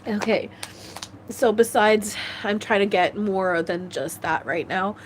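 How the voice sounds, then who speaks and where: Earnest woman psychic, halting speech. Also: medium pitch, slight background noise. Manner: halting, searching aloud for words. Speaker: psychic medium. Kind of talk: live-stream channeling reading.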